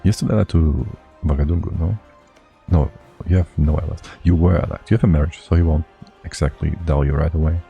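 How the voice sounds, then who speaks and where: A man's voice: very deep voice, fairly even intonation, brisk, creaky, lo-fi sound, faint music behind. A man streaming a strategy game live, thinking aloud and muttering to himself as he plays.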